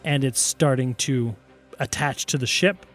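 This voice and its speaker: A man's voice: medium pitch, unhurried, faint music behind. A man narrating as game master of a tabletop game, playful and often laughing as he describes the action.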